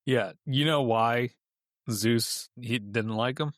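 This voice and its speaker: A man's voice: medium pitch, slow pace, fairly bright tone, dry recording, clean studio sound. A man chatting on a podcast as a guest, telling a myth in a loose, rambling way with lots of fillers. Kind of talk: casual chat.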